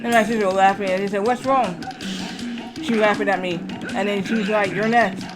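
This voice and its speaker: A man's voice: high-pitched, fairly even intonation, a little fast, music in the background. A man streaming a game who tells a long, rambling story and keeps repeating "I said" and "she said".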